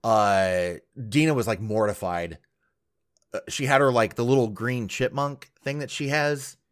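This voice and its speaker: A man's voice: mid-range voice, unhurried. A man co-hosting a podcast, recapping a reality show in rambling casual chat full of fillers and laughs. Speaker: podcast co-host.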